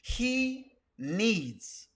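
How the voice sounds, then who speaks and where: A man doing a deep solemn infomercial announcer. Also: very animated, fairly bright tone, full character voice. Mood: solemn pitch. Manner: slow, drawn-out sales pitch. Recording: roomy echo.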